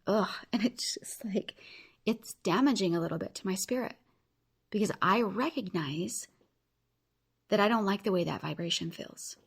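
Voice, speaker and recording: A woman's voice: lowish voice, creaky, breathy edge. A woman in her thirties hosting a podcast, talking earnestly and encouraging her listeners directly as she gives them a challenge. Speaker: podcast host. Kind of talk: motivational podcast talk.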